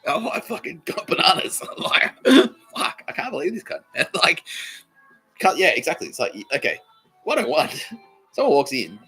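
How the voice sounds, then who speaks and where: Slightly high and a little rough, this male voice moves at normal speed. He's an Australian comedy podcast host whose rambling tales are packed with swearing and laughter, delivered as animated rants against soft background music in low-quality audio.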